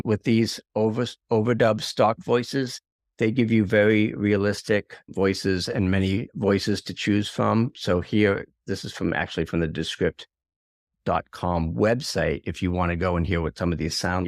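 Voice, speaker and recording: A man hosting a casual software tutorial, walking through a screen share in a conversational tone with self-deprecating asides. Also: low-pitched, steady tone, moderate pace, no echo, studio quality. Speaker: video tutorial host.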